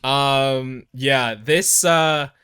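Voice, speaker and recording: A man's voice: medium pitch, very slow, pushed and bright, clean tone. A man co-hosting a film podcast, chatting casually and animatedly, often laughing and acting out lines from the movie. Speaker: podcast co-host.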